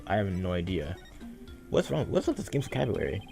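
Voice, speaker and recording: A man's voice: low-pitched, big pitch swings, a little fast, creaky, music in the background. A man dubbing a video game, making wry, offhand asides between lines. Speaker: game dubber.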